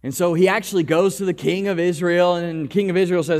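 High-voiced animated male pastor. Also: a little fast. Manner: animated storytelling, swinging between loud calls and quiet low lines. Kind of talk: sermon. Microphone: microphone.

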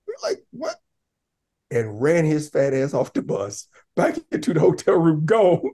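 A man talking casually as a podcast guest, telling lively stories and breaking into raised voices to act out what others said. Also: on the high side, normal speed. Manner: animated, laughing, acts out quotes in raised voice. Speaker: podcast guest, basketball coach. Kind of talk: casual storytelling.

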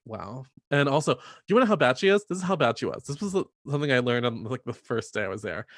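Animated, laughing man telling stories. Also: medium pitch, no room sound, clean studio sound. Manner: animated, laughs often, fillers of "like". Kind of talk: casual storytelling chat.

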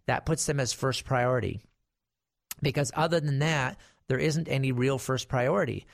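A middle-aged estate planning attorney speaks at normal speed in a mid-range voice with vocal fry. He tells viewers about guardianship in a conversational, storytelling manner and issues emphatic warnings. The recording is dry and studio quality.

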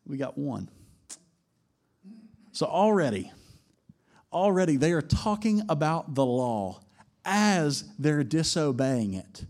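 A man preaching a sermon to his congregation in an animated way, climbing to emphatic peaks and slowing down for quoted lines. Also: on the high side. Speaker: pastor.

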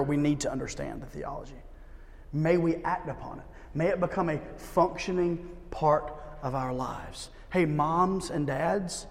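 Brief: male pastor, thirties, raised-pitch preaching that drops to hushed pleas, long gym reverb. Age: 30s. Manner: conversational, swings between loud emphasis and hushed pleading. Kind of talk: sermon. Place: church service held in a gym.

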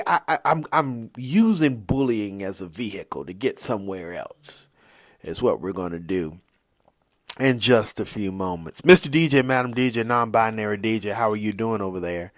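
A man's voice: on the low side, no echo. Playful rambling man hosting a podcast. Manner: playful and rambling, with frequent restarts and filler. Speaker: podcast host. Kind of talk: casual solo podcast monologue.

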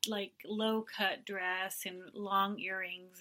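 A woman's voice: mid-range voice, a little fast, pushed and bright. A woman chatting casually as co-host, making dry, blunt asides. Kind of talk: casual chat. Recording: noisy background.

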